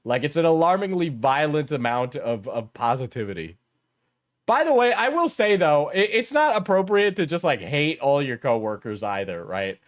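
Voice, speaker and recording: A man's voice: fairly high pitch, sing-song, moderate pace. A man streaming casual reaction commentary, sarcastic and crude, often laughing as he talks.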